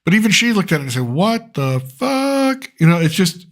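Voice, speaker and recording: A man's voice: on the high side, expressive, very fast. A middle-aged man hosting a pop culture commentary show, ranting sarcastically and swearing freely. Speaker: host.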